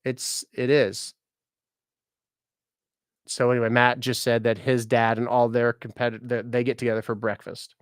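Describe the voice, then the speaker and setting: Guy in his 30s rambling on a livestream, jokey, swears a bit, mid pitch, dry close sound. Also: level tone, moderate pace, long pauses, smooth, no room sound. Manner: chatty, jokey, speaks to viewers by name, laughs often, swears. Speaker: musician and content creator hosting a live stream. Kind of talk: casual live-stream chat reading viewer comments.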